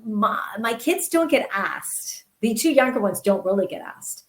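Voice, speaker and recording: A woman's voice: on the high side, lively intonation, unhurried, a bit bright, poor audio. A middle-aged woman, a guest in an interview, telling personal stories earnestly and often restarting her words. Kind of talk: candid personal storytelling.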